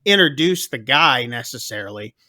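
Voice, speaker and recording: A man co-hosting a podcast, casually retelling a film scene by scene in a rambling, animated way. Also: medium pitch, moderate pace. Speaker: podcast co-host.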